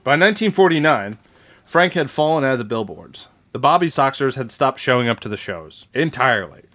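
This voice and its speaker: A man hosting a podcast, recounting a story in a relaxed, chatty way. He curses freely and drifts into quick impressions of the people he describes. His voice sits at an ordinary middle pitch. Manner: loose and profane, acts out quotes. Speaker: podcast host telling a history story. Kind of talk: casual storytelling chat.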